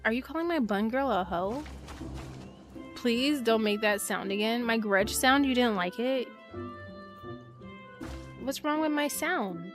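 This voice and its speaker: Woman streamer, voice a bit high, joking, casual, swears, faint game music underneath. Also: unhurried, long pauses. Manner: joking, playful, swears freely, quiet asides and loud bursts. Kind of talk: casual live-stream chat while playing.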